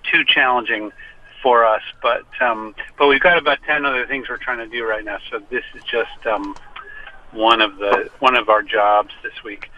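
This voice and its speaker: Let him be a guest musician calling in from his car, the line dull and lo-fi, his voice sitting at an ordinary middle pitch. He stammers and restarts his sentences, and his humor runs dry and self-mocking. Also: steady tone, moderate pace, slight background noise. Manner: stammering, wry and self-deprecating. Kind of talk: casual phone interview. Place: parked car. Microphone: phone call. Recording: muffled lo-fi phone line.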